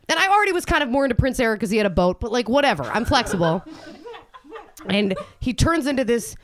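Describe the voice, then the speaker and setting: A woman's voice: high-pitched, animated, fast. A woman doing a brash, crude stand-up set on a club stage, working the crowd with a handheld mic while the audience laughs. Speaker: stand-up comedian. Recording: live club recording with crowd noise.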